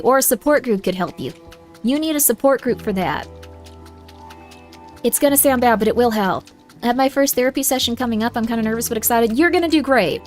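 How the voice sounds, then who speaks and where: A young woman chats on a livestream in a bright, fairly high voice, slipping into a playful mock-southern drawl. She talks motherly and direct, calling viewers honey. Faint game music plays under her desk mic. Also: lively intonation, a little fast. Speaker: streamer. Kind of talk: casual livestream chat.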